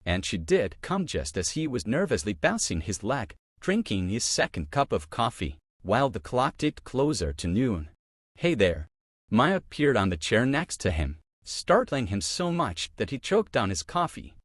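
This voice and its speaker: Expressive male storybook narrator. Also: medium pitch, normal speed, hardly any pauses, dry recording, clean studio sound. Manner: expressive, emotional reading.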